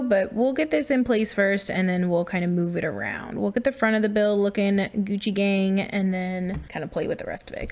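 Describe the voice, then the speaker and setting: A woman giving casual, self-deprecating commentary while building in a game, thinking aloud as she works. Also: mid-range voice.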